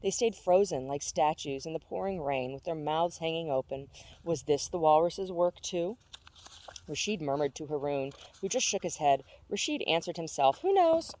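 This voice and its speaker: A woman reading a novel aloud in a steady, even storytelling way. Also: deep voice, moderate pace. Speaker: audiobook reader.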